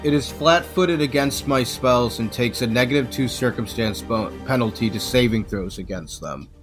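A man talks through his turn at a tabletop game in a mid-pitched voice, casual and cursing freely. Faint music plays behind him. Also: moderate pace. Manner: casual, profane, explaining rules. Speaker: player.

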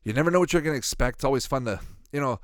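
Racing along in an expressive mid-range voice, this man in his thirties reacts to a cartoon for a video. He rambles, swears, and tosses in jokes, and the studio audio is clean with no room sound.

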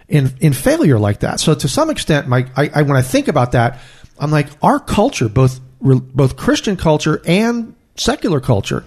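A man chatting in a casual podcast discussion, animated and expressive. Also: a little high, moderate pace.

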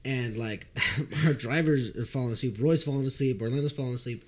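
A man's voice: mid-range voice, fairly quick. Young man telling a rowdy story. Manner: animated, laughing, profane storytelling. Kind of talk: casual chat.

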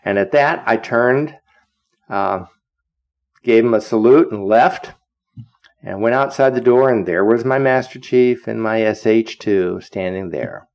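A man telling a personal anecdote in a casual, animated way, switching between voices as he retells it. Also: lowish voice, a little slow. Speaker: storyteller, former Navy officer. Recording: dull lo-fi recording.

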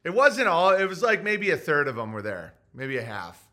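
A man's voice: a little high, big pitch swings, normal speed, bright, forceful tone. A man hosting a podcast, riffing through rambling, profane comedic commentary. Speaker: podcast host.

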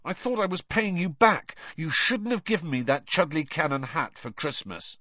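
A man's voice: fairly high pitch, moderate pace, bright, forceful tone, no room sound, lo-fi sound, voice pushed up. A man doing a sulky muttering schoolboy. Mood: gloomy. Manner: sullen, muttering. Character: sulky resentful teenage schoolboy.

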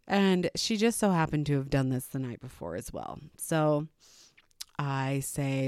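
A woman's voice: extremely low pitch, big pitch swings, unhurried, darkish tone, dry recording, studio quality. A woman in her thirties, tired after a sleepless night, casually telling a rambling story about her night with a self-mocking laugh. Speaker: podcast host.

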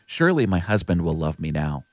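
Brief: man reading Leah's sorrowful words, own low voice, animated. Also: a little fast, no echo. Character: Leah, sorrowful unloved young woman.

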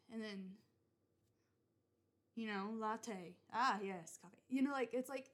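Young woman, solo podcast host, rambling and swearing, restarts constantly, voice a touch high. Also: expressive, measured pace, mellow. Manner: rambling, swears often, many restarts and fillers. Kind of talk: casual solo podcast rant.

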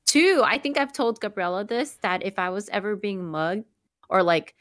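A woman's voice: mid-range voice, lively intonation, fairly bright tone, no echo. Young woman co-host, rambly storytelling with lots of likes, deadish dry room. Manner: chatty, drawn-out storytelling with many fillers. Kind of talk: casual chat.

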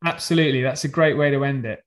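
A man's voice: medium pitch, steady tone, quick pace. A man hosting a podcast interview over a video call, polite and a little hesitant. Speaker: podcast host.

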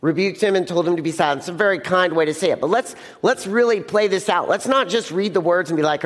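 Young youth pastor guy preaching to teens, high voice, loose and chatty, big echoey hall. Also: fast talker, hardly any pauses. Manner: casual, repeats words, acts out scenes. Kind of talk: sermon.

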